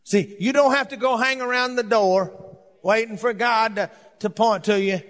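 An older man preaching a sermon as pastor, fervent and rising to shouts. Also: sits high, fairly even intonation, normal speed. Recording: long hall reverb.

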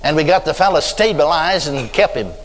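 Older preacher, folksy storyteller, fairly high voice, recorded in a big echoing hall. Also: male voice, animated. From Texas. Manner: folksy storytelling with drawn-out emphasis. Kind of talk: sermon. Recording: reverberant hall.

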